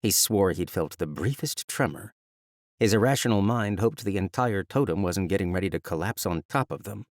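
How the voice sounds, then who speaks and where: A man narrating a fantasy audiobook in a measured, even storytelling manner, recorded close on a studio mic. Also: deep voice, no echo.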